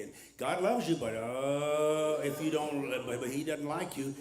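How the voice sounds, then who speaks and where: A man's voice: a little high, measured pace, few pauses, a little mellow, roomy sound. An older male pastor preaching a conversational sermon, mixing humor with teaching and calling out to the congregation. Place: church hall with a live congregation.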